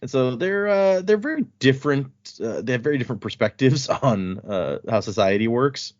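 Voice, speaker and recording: A man's voice: mid-range voice, lively intonation, normal speed, darkish tone, dry recording. A man co-hosting a casual podcast about a book, retelling scenes and quoting the characters in playful voices. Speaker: podcast co-host. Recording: dry, muffled lo-fi audio.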